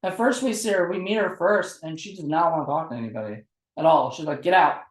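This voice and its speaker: A woman hosting a casual film discussion, chatty and quick to laugh, often slipping into quoted voices. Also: low-pitched. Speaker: podcast host. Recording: roomy echo.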